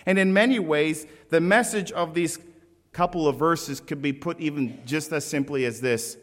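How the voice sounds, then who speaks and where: Emphatic pastor preaching in a reverberant church. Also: male voice, fairly high pitch. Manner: emphatic, slow deliberate phrasing with asides to the congregation. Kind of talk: sermon. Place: church sanctuary. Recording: long reverb of a church hall.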